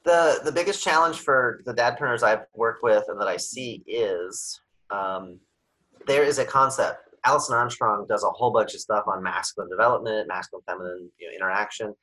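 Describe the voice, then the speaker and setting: Brief: lower-voiced man with a husky edge, animated podcast guest who breaks into little acted-out scenes. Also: poor audio. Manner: animated, acts out scenes with sudden louder, higher bursts. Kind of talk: podcast conversation.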